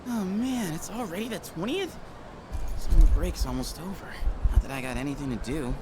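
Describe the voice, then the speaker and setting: A man's voice: on the high side, animated, normal speed, crowd noise, natural voice. A man voicing a mopey teenage game boy. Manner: lazy, grumbling. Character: laid-back teenage boy, mopey about summer. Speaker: game character. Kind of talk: video game voice acting.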